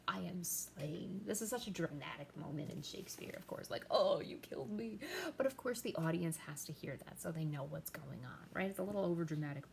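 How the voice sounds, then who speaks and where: A woman teacher explaining a play to her class, reading the quoted lines aloud with lively emphasis. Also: sits low, vocal fry, a little hiss or hum, rough recording.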